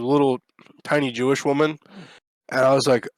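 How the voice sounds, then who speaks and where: A man spinning a rambling anecdote on a podcast, swearing freely and jumping into voices for each quote. He has an everyday, mid-pitched man's voice. It is recorded dry and close, with no room echo. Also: fairly quick. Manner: animated, profane, acts out quotes. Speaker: podcast co-host. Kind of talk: casual storytelling chat.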